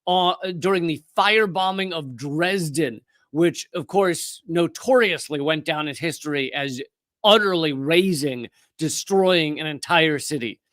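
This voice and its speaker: A man hosting a live political commentary stream, talking fast and heatedly with frequent restarts. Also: a little high, a bit bright, no room sound. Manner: impassioned, fast, with restarts and profanity.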